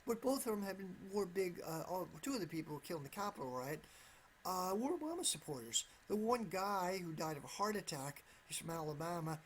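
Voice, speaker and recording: A man's voice: high voice, a little hiss or hum. Rambling man repeating himself, hedging. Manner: rambling, with frequent restarts and repeated "absolutely"; careful, hedging tone. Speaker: political commentator. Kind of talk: solo political commentary.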